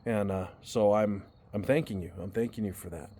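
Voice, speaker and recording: A man's voice: fairly low pitch, normal speed, warm tone. A man telling a personal story to his viewers in a casual, earnest way, often restarting and repeating words as he goes. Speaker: vlogger.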